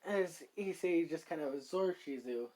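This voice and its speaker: A man's voice: a little high, expressive, normal speed, warm tone, poor audio. A man narrating an improvised fan story in a rambling way, with lots of filler words.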